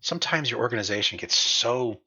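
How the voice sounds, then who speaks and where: Brief: man, goofy game master, lively pitch, husky, bright, lo-fi mic. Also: a little fast. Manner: animated, goofy, laughs often. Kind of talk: narrating a tabletop game on a live stream. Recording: slightly dull lo-fi mic.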